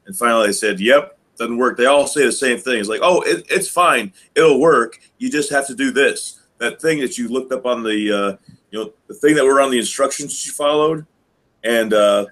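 Chatty man telling a rambling story. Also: mid-range voice. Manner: rambling storyteller, mimics people he quotes. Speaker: podcast co-host. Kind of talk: casual chat.

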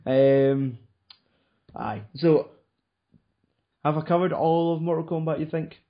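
A man's voice: fairly high pitch, fairly even intonation, slow, highs cut off. A man hosting a casual podcast chat, rambling and swearing often. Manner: swears a lot, rambling with fillers. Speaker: podcast host.

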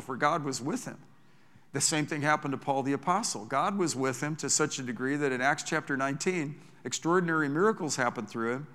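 A man's voice: fairly high pitch, fairly bright tone, big-room sound. Enthusiastic male pastor preaching. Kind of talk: sermon. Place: church.

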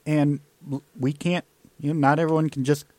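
A man's voice: a little high, little pitch movement, normal speed, darkish tone, dry recording. Wry, joking male co-host. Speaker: podcast co-host. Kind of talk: casual sports chat.

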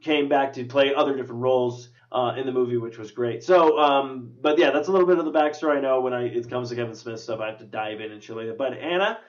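A man's voice: medium pitch, quick pace, hardly any pauses, distant mic. Rambling, swearing male podcast host. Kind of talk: casual movie review chat. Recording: dull lo-fi recording.

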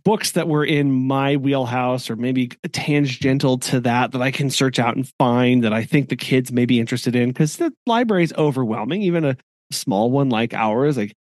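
A man's voice: medium pitch, normal speed, darkish tone, no echo, clean studio sound. A man in a casual podcast chat, easygoing and rambling.

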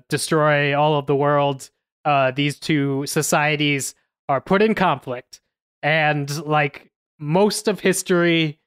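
A woman hosting a podcast, reviewing a film in a measured way with many "uh" fillers. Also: sits low, clear, resonant tone, no echo, studio quality. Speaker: podcast host.

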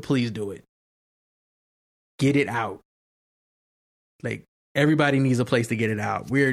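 Slangy, emphatic man hosting a podcast. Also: mid-range voice. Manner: loose, slangy, emphatic pleading. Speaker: podcast host. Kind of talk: casual chat.

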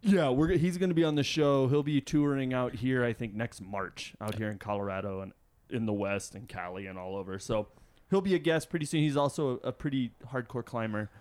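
A man co-hosting a climbing podcast, talking in a relaxed, rambling, jokey way with lots of fillers. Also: medium pitch, a little fast. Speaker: podcast co-host. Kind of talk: casual chat.

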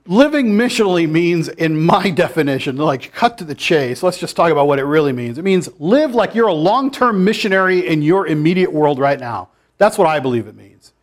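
A man's voice: on the high side, big pitch swings, a little fast, hardly any pauses. A man giving an informal sermon to a church group, conversational and challenging, with dry asides. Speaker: pastor. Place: church meeting room.

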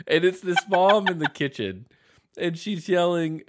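A man in a loose podcast conversation who laughs through his stories. He acts out little quotes with big jumps in his voice, sitting a bit higher than most men, reading news aloud in a relaxed way. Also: unhurried. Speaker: podcast co-host. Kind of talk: casual chat.

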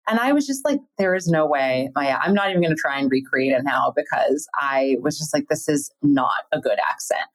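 A woman from the United States hosting a podcast, chatty and quick to laugh while asking questions. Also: sits low, animated, poor audio. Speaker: podcast host. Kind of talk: casual interview chat.

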